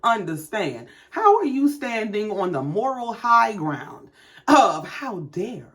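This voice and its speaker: A woman's voice: medium pitch, sing-song, takes it slowly. Blunt, profane woman recapping TV. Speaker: reality TV recap host. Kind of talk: casual TV recap commentary.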